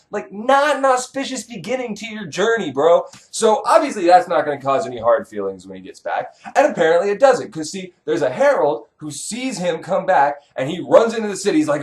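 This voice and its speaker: Male comic narrator; animated, irreverent, rambling delivery. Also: a little high, brisk, hardly any pauses. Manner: profane, sarcastic, rambling. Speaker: comedic myth narrator.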